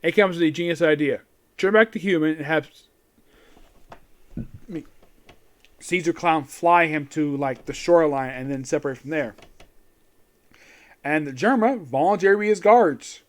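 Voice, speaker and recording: A man's voice: fairly high pitch, moderate pace, pauses often. Rambling man recapping anime episodes. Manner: rambling, loose, peppered with "of course" and "yep". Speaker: anime reviewer. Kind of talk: casual solo episode recap.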